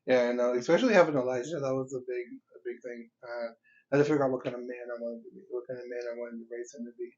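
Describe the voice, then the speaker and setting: A man's voice: medium pitch, fairly even intonation, very fast, darkish tone, recorded from a distance. A young man hosting a podcast in casual chat, laid-back, laughing often and swearing casually. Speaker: podcast host. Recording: dull lo-fi podcast audio.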